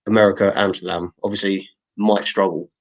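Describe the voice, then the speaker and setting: A man's voice: low-pitched, level tone, brisk. A man co-hosting a live podcast, asking rambling, hesitant questions with lots of filler words. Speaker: podcast co-host. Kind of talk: casual chat on a live stream.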